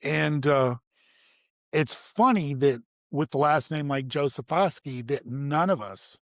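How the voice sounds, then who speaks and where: An older man, a retired army medic, tells rambling stories in a fairly high voice. He stumbles over repeated words and swears casually. The sound is close and dry, with no room around it. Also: slow pace, a bit bright, dry recording. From United States. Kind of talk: casual storytelling.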